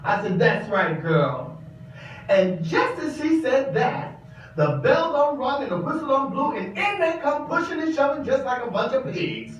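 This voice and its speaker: An actor delivers a stage monologue as a sassy, flamboyant older drag queen, campy and theatrical, calling the listener darling. His voice is very high-pitched, exaggerated and very animated, at a slightly slow pace. It's recorded in a large echoing exhibition space, so the sound is roomy, distant and dull.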